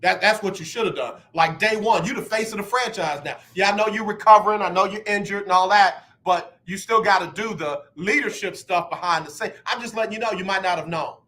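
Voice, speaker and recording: Fired-up bright-voiced man hosting sports radio. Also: high voice, fairly quick, few pauses. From United States. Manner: emphatic, repeats words when fired up. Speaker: radio show host. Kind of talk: sports talk radio commentary.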